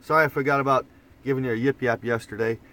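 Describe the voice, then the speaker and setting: Fast and sharp-toned, this mid-range male voice holds fairly even intonation as an Oklahoma vlogger chats on a morning live stream. Sitting in an old camper van with a phone propped up in front of him, he rambles casually and often starts his words over.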